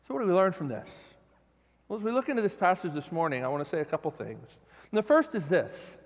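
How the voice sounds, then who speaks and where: A man preaching an earnest, animated sermon as a pastor. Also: sits high, fast. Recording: long hall reverb.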